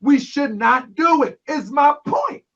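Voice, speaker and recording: Male call-in host, very high pitch, insistent and heated, muffled lo-fi audio. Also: sing-song, slow, gravelly, fairly bright tone. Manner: emphatic, keeps calling people brother, raises his voice. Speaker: talk show host taking callers. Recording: lo-fi online broadcast audio.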